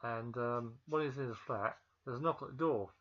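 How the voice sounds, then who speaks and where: A man talks through a film's plot in a loose, rambling way, full of ums and self-corrections. He is feeling ill. His voice sits in a middle pitch, and the recording sounds dull and lo-fi. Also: moderate pace. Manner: rambling, with many ums and restarts. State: feeling ill, pausing to cough. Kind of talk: casual film recap.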